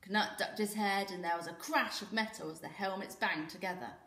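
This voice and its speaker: A British woman teacher reading a children's story aloud in an expressive, lively way. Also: medium pitch, normal speed, roomy sound. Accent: British English. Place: school room.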